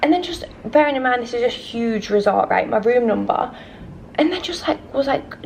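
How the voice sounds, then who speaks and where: A woman's voice: a little high, expressive, brisk, creaky, a little hiss or hum. Chatty young woman with a shaky voice. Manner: chatty, rambling, self-deprecating. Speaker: vlogger. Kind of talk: casual travel vlog. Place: hotel resort room, indoors. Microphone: handheld camera.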